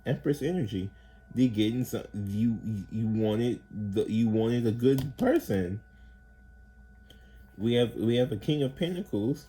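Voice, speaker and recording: A man's voice: mid-range voice, measured pace, slight background noise, poor audio. A man giving a casual tarot reading, rambling and slangy with plenty of profanity, often acting out the people he describes. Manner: animated, acts out quoted people. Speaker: tarot reader.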